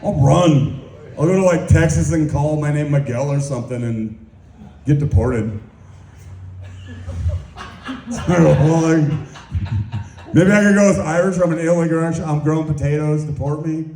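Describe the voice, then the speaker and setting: A man's voice: a little high, a little slow, pauses often, mellow, roomy sound. A young man doing a crude, rambling, self-mocking stand-up set in a small club. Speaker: stand-up comedian.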